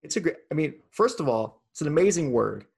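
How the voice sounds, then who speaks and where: A man with a gravelly, fry-heavy voice leads a casual fantasy football chat. He is playful and teasing as he works through the list of players. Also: on the high side, big pitch swings, brisk, a little mellow. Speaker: podcast host.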